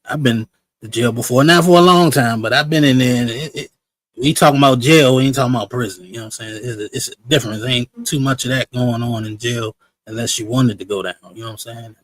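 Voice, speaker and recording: A livestream show host reviews clips casually, reacting and shouting out viewers in loose, slangy chatter. His mid-range voice moves fast, and the recording is low quality with no echo.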